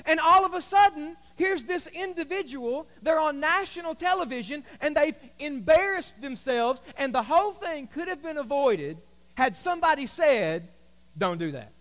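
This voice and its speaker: A man with a very high voice preaches to his congregation. He talks in a loose, humorous, storytelling way. His words ring out with the long reverb of a large church hall. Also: normal speed. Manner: conversational, humorous, animated storytelling. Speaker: pastor. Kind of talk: sermon. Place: church sanctuary.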